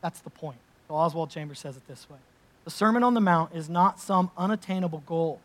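A pastor delivers a sermon in a slightly high male voice. He moves between scripture reading and emphatic, conversational explanation. He adds casual asides as he preaches.

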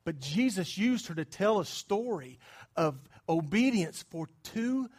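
A man delivers a sermon with a notably high voice. He talks with his congregation more than at them, checking in with quick questions. He drops to near whispers, then climbs into loud, emphatic bursts. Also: expressive, slightly rough. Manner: conversational preaching, quizzing the congregation; swings between hushed asides and loud emphatic bursts. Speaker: pastor.

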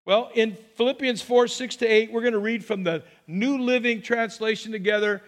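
Brief: high-pitched male pastor, chatty sermon delivery, rhetorical questions to the congregation. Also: fairly even intonation, moderate pace. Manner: conversational preaching with rhetorical questions. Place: church sanctuary.

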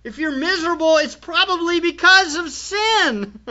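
A man's voice: very high voice, animated, measured pace, pushed and bright. A man preaching a sermon as pastor, emphatic and full of rhetorical questions to his congregation. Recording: dull lo-fi church recording.

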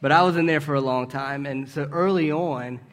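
Male preacher, conversational sermon, slightly high voice, rhetorical questions and asides. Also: moderate pace. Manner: asks rhetorical questions and checks in with "right?"; storytelling with brief restarts.

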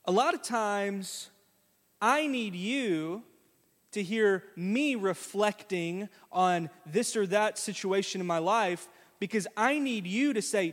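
A man preaching a sermon as pastor, folksy and conversational, acting out quotes in a lively way. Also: sits high, slow. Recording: long hall reverb.

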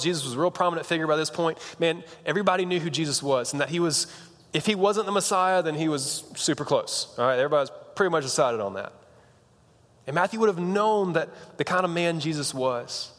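Young male pastor, laid-back conversational sermon, slightly high voice, long hall echo. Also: a bit bright. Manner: casual, conversational preaching with slang and restarts.

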